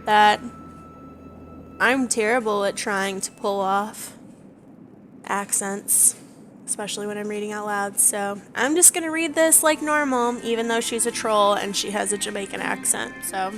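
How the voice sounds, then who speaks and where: Chatty woman playing a game. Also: mid-range voice. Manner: chatty, self-deprecating. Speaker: gamer reading quests. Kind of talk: casual game commentary. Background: game music.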